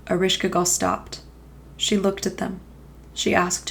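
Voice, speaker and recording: A woman podcast host reading an ancient myth aloud in steady, measured storytelling. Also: on the low side, gravelly, slight background noise.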